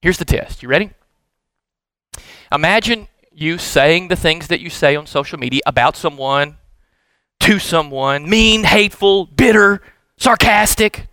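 A middle-aged man preaching a sermon with animated, emphatic bursts. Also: high voice, clear, resonant tone, no echo, rough recording. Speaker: pastor.

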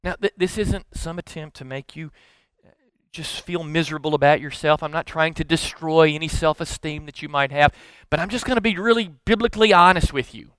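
A male pastor preaches in an earnest, conversational manner, often repeating words as he restarts. His voice sits high and sounds bright. The recording is dry and close. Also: brisk, clear, resonant tone, no echo. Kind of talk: sermon.

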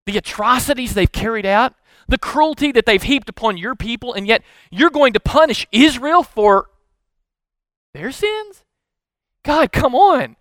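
A resentful male prophet rails at God, his voice pitched high and sharp, as a preacher acts him out. The sound is close and dry, with no room around it. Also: animated, a little slow, no room sound, heavily acted. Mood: indignant protest. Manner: indignant, protesting.

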